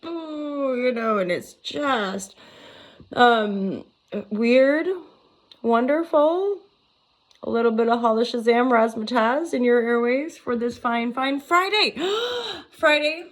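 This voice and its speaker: A woman's voice: on the high side, slow pace, long pauses. A woman in her forties, a tarot reader, rambling playfully in a casual vlog, giggling and swearing freely. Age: 40s.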